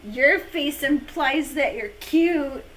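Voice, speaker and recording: Woman, stream host, casual chat, playful, teasing, slow-paced, high voice. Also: animated, noisy background.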